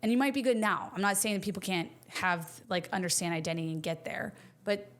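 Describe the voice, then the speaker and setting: A woman's voice: lowish voice, fairly quick, a bit bright. A woman co-hosting a faith podcast, reflecting in a casual, thoughtful way and often restarting her sentences. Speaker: podcast co-host. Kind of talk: faith-based casual conversation.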